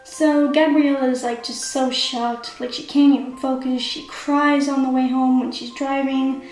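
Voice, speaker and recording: In an echoey room with faint music behind her, an amateur writer summarizes a story she wrote. Her voice sits high and a little mellow, a bit slow, with fairly even intonation, and her casual, chatty recap is packed with "like" and "kinda."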